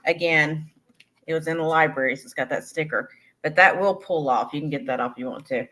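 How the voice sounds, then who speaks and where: A woman's voice: low-pitched, brisk, fairly bright tone. A woman co-hosting a live online sale, chatting casually about books with fillers.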